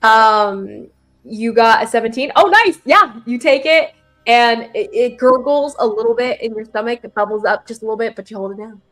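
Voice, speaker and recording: A woman's voice: on the high side, fairly quick, fairly bright tone. A woman running a tabletop game as game master, chatty and giggly, with many fillers and restarts.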